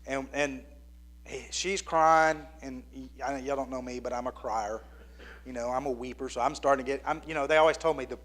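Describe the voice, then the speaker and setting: A man in his fifties preaching a sermon, telling a story in an earnest, conversational way and dropping to a hushed near-whisper at tender points. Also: mid-range voice, moderate pace. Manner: plainspoken and conversational with the congregation. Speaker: pastor.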